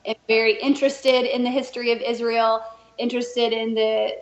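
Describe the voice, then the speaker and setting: A woman guest on a podcast, telling a story in a lively, laughing way and acting out the people she quotes. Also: on the high side, moderate pace. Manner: animated, laughs often, puts on voices when quoting. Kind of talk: casual interview storytelling. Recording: roomy and dull, lo-fi.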